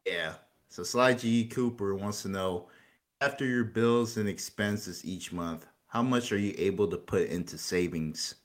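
A man co-hosting a casual podcast, calmly reading out listener questions. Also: lowish voice, measured pace. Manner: calm, reads listener questions. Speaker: podcast co-host. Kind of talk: casual chat.

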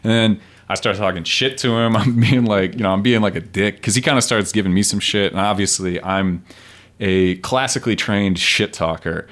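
A man's voice: fairly low pitch, normal speed, a bit bright. A man, a street poet guest on a podcast, telling stories in loose, profane, rambling casual chat.

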